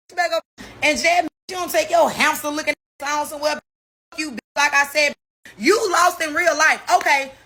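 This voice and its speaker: Bright, high-voiced woman ranting defiantly. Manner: defiant, boastful, cursing. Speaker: reality show personality. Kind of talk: heated rant to camera.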